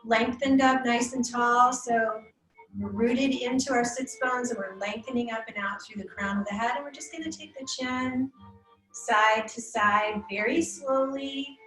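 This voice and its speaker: A woman with a fairly high voice guides a chair yoga class in slow, soothing cues. She sounds a little roomy and echoey, with soft music underneath. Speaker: yoga instructor.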